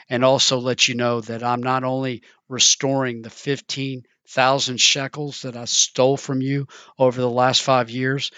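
Guy acting out a sorry tax collector begging forgiveness, bright edgy voice. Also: mid-range voice, dry recording. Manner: earnest, pleading apology. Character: repentant male tax collector apologizing.

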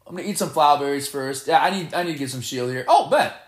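A man giving live gameplay commentary, excitable and playfully boastful as he trash-talks. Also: on the high side, quick pace, roomy sound. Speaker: gamer.

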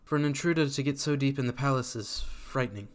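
Man voicing a young British princess, soft-spoken, stern edge, apologetic. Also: mid-range voice, quick pace, natural voice. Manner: soft, quietly regretful.

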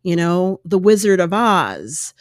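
A middle-aged woman hosts her own podcast, talking candidly and slipping into animated quoted voices. Her pitch swings widely as she goes. The sound is close and completely dry. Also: takes it slowly, no room sound. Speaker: podcast host. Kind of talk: solo podcast commentary. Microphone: podcast microphone.

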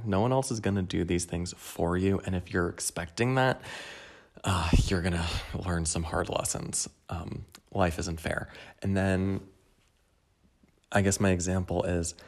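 A man hosting a solo podcast, talking in a casual, rambling and candid way, stumbling and restarting often. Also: low-pitched. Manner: rambling, candid, self-deprecating, with restarts and stutters. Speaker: podcast host.

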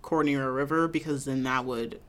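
Chill american woman co-host, low voice, laughs a lot. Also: fairly even intonation, moderate pace. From United States. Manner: laid-back, laughs often, recaps plot. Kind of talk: casual chat.

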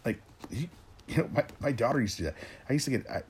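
A man in his forties ranting in a rambling, gruff way, swearing constantly and restarting his sentences as he talks to his listeners. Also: mid-range voice, expressive, racing, a little hiss or hum. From Tennessee, raised in Oregon. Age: 40s. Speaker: rant host. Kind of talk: profane solo rant.

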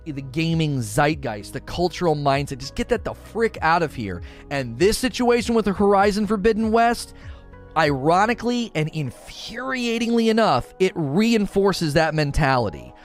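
A man hosting a gaming talk show, ranting in an exasperated, emphatic way to his co-hosts. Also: on the high side. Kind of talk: opinionated gaming commentary.

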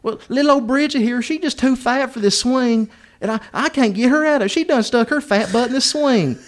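A man voicing a brash young mother who calls out to strangers in a high, drawling holler. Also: a little fast. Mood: pleading. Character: brash rough young mother at a park, woman.

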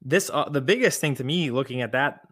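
A man co-hosting a casual sports podcast, talking in an animated, emphatic way. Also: mid-range voice, brisk, no echo, clean studio sound. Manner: animated, emphatic, catchphrase-prone. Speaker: podcast co-host.

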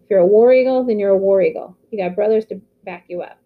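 A woman's voice: medium pitch, fast talker, close to an everyday voice. A woman reading aloud, voicing a tough, blunt teenage soccer captain, on a slightly muffled recording. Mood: serious. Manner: gruff and blunt, then dead serious. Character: tough teen boy, team captain, blunt.

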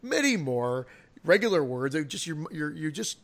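A man's voice: fairly high pitch, sing-song, normal speed. A man in casual podcast chat who rambles, laughs often and makes crude jokes. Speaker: podcast co-host.

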